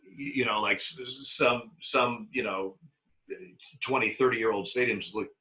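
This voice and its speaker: A man, a former umpire, telling lively anecdotes in an interview, with frequent restarts and acted-out quotes. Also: on the low side, unhurried, poor audio. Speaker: retired baseball umpire guest. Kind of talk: storytelling in a conversational interview.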